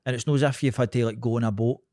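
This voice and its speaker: A young Scottish man with a Glasgow accent talks in a blunt, rambling way, swearing freely. His voice sits at an ordinary pitch. The sound is dry and close, with no room around it. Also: fairly even intonation, racing, dark tone, no echo. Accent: Scottish, Glasgow area. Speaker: podcast co-host. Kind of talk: casual chat.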